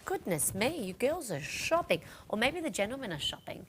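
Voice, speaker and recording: A woman's voice: on the high side, very animated, moderate pace, few pauses, slight background noise. A middle-aged woman presenting live home-shopping jewellery sales in a chatty, rambling way, talking straight to the viewers.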